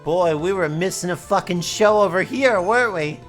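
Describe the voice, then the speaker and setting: A woman's voice: lowish voice, expressive, moderate pace, soft background music. A woman hosting a casual let's play with friends, joking and swearing. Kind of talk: casual group chat over a game.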